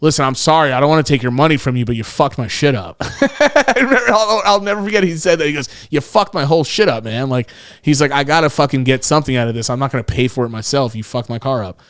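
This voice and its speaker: Podcast dude telling wild stories, cusses a lot, does everyone's lines, dry mic. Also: male voice, medium pitch, fast talker, clean tone, no room sound. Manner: profane, animated retelling with acted-out quotes. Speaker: podcast co-host. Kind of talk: casual storytelling chat.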